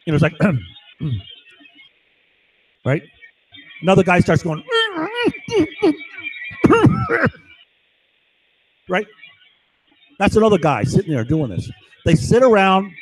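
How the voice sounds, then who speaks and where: A man's voice: high-pitched, breathy edge, low-quality recording. A man delivering an agitated, rambling monologue to his camera, constantly asking "right?". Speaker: vlogger.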